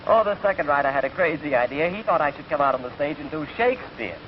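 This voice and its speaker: A man's voice: on the high side, lively intonation, fast talker, slight background noise, close to an everyday voice. A young English man in his twenties, a genial, chatty entertainer telling jokes in 1940s film dialogue, on a muffled old film soundtrack. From England. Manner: genial, chatty storyteller who laughs at his own gags. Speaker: entertainer just out of the service.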